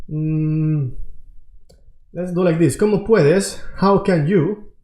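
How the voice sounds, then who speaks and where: A man teaching an online Spanish lesson, who explains slowly and keeps checking in with the viewer. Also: fairly high pitch, a little mellow, echoey room.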